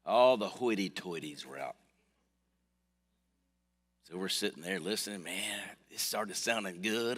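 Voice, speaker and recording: A man preaching a sermon as pastor, telling a personal story with his voice swinging from soft to loud. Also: deep voice, a little slow, pauses often. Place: church sanctuary. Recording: long hall reverb.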